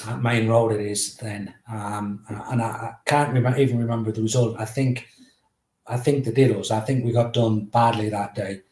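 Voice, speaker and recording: Animated man telling stories, roomy sound. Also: on the low side, moderate pace. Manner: animated, builds up to raised excited retellings. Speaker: guest, former footballer. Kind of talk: anecdotal storytelling. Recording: roomy echo.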